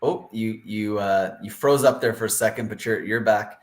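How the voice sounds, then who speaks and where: A man's voice: on the low side, moderate pace. A man hosting a casual interview over a video call, joking and chatty, often restarting his sentences. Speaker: interview host.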